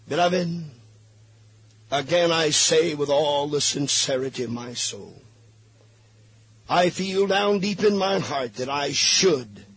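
Husky high-voiced fervent preacher man. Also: a bit bright. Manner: impassioned, pleading, reads scripture aloud. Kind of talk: fervent sermon.

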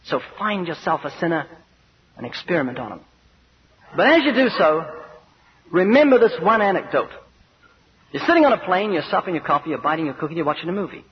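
Emphatic preacher, a man, high voice. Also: big pitch swings, a little fast, long pauses, husky. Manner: earnest, emphatic, acts out anecdotes. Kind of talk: evangelistic sermon. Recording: dull lo-fi recording with faint noise.

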